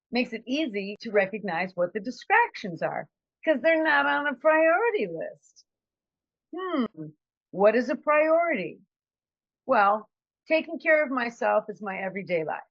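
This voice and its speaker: A woman's voice: a little high, dry recording, muffled recording. A woman giving a conversational, reflective motivational talk as a trainer. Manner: conversational, reflective, acts out quotes.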